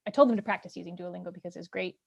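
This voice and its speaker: A woman hosting an interview, a former language teacher, talking in a rambling way with halting restarts. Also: fairly low pitch, steady tone, vocal fry, a little mellow. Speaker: host, former Spanish teacher. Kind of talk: casual interview chat.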